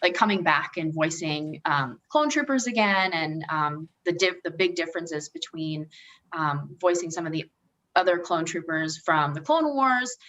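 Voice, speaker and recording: A woman's voice: deep voice, lively intonation, unhurried, fairly bright tone, rough recording. A woman guest in a casual podcast chat, who talks in long runs with many fillers. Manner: rambling, heavy on filler words.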